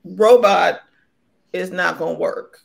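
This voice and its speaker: A woman's voice: fairly low pitch, slow, gravelly. A woman co-hosting a casual panel discussion, speaking bluntly and informally.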